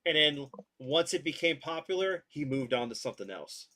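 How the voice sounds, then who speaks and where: A man's voice: a little high, normal speed. A man hosting a podcast livestream, chatting casually, greeting viewers and commenting on a game. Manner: relaxed, greets chat, laughs often.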